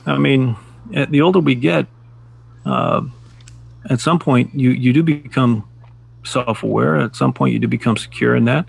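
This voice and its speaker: Gravelly, husky middle-aged man musing. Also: medium pitch. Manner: reflective, measured storyteller who laughs at his own jokes. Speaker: podcast co-host. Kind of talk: casual chat.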